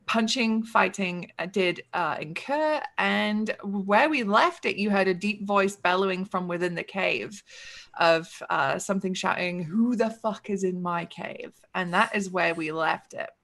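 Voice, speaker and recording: A woman's voice: mid-range voice, a little slow, gravelly, a bit bright. A woman narrating as game master of a tabletop game, upbeat and swearing freely, with plenty of ums.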